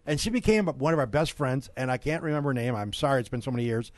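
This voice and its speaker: A middle-aged man hosting a local radio show, telling a story in a studio with lively asides and laughs. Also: mid-range voice, quick pace, no echo. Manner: animated storyteller, laughs mid-sentence. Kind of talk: casual storytelling and sponsor reads.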